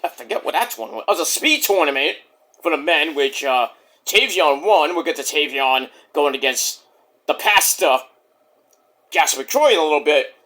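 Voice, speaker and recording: A man recapping a wrestling show in a casual vlog, excitable, rambling and profane. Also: on the high side, moderate pace.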